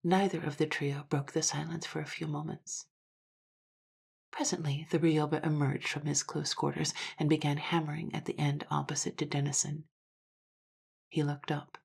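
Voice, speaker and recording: A woman narrating a classic story in a measured voice that sometimes drops to a hush. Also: deep voice, little pitch movement, creaky, breathy edge.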